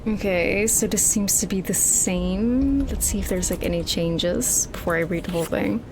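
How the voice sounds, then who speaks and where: A young woman streaming a horror game, talking casually and excitedly to her chat and swearing often. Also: mid-range voice, normal speed, noisy background. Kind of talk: casual gameplay commentary.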